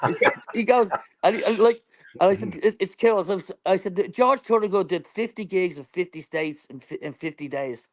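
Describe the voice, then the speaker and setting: Animated man telling a story. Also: sits high, normal speed. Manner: animated, acts out quoted dialogue, laughs often. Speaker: band member guest. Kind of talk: storytelling in an interview.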